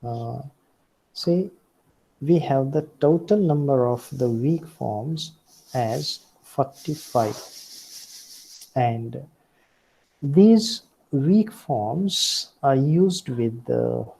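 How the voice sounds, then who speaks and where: A man giving a phonetics lecture, slow and halting with frequent fillers. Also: medium pitch, animated, creaky, warm tone, slightly rough, low-quality recording.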